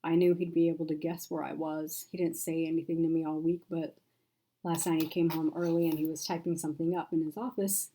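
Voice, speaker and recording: A woman reads a tired, ashamed woman friend who speaks in a hushed, sighing way. The voice sits low and mellow, quiet and subdued throughout. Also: little pitch movement, fairly quick, a little hiss or hum, rough recording. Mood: remorseful. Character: weary remorseful woman friend, soft-spoken.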